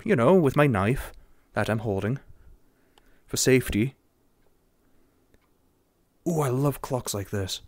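A young English man commenting jokingly and sarcastically while playing a horror game, getting excited easily. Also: medium pitch, slow pace, long pauses, no echo. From England. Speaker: gamer.

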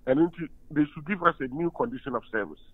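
A man's voice: fairly high pitch, fast talker. A Ghanaian university lecturer and union official giving an emphatic phone-in radio interview, switching between Twi and English. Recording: tinny phone line.

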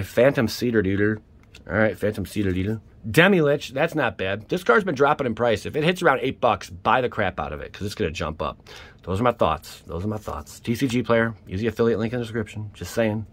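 A man hosting his own channel, giving casual, excitable commentary while opening card packs and exclaiming at each pull. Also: lowish voice. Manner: peppers speech with mild swears.

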